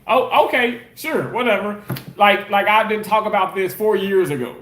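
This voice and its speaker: High-voiced man arguing with his live chat. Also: normal speed, fairly bright tone, reverberant. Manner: defensive, argues back at commenters. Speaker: live streamer and content creator. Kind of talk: casual live-stream chat reading viewer comments.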